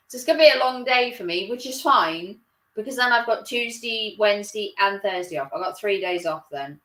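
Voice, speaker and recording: A woman's voice: medium pitch, lively intonation, moderate pace, fairly bright tone. A woman chatting casually on a live stream, rambling and laughing often. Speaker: livestreamer. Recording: roomy echo.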